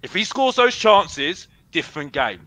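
Brash high-voiced football fan. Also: male voice, sing-song, unhurried, noisy background. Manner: brash, boastful, repeats himself, calls himself Mister Box Office. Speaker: football fan caller on a fan show. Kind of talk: heated fan debate.

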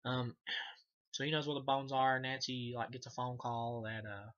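A man recaps a film in a loose, rambling way, swearing casually and correcting himself as he goes. His voice is bright and edgy but stays fairly level in pitch. The recording sounds dull and lo-fi. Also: steady tone, normal speed. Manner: rambling, profane, frequent fillers and self-corrections. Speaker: movie reviewer. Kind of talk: casual unscripted movie recap.

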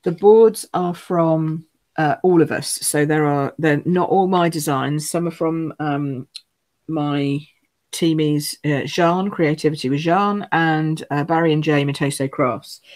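A woman's voice: low-pitched, unhurried, a little mellow. A woman hosting a live craft stream, chatting casually, rambling and answering viewer comments as she shows cards. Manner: chatty, rambling, loses her train of thought.

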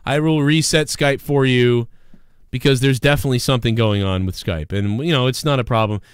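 A man hosting a live stream show in casual, profane chat, breaking into loud mock screams when excited. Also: medium pitch, a little fast, clear, resonant tone, no echo, studio quality. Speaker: livestream show host.

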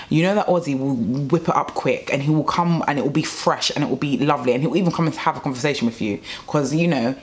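A young woman telling a rambling, exasperated story about a bad restaurant meal in a casual vlog. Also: extremely low pitch. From England. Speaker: vlogger.

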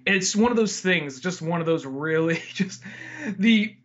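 A man co-hosting a podcast, casually recapping a movie and acting out scenes in quick mimicked voices. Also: high-pitched, animated, lo-fi sound. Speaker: podcast co-host.

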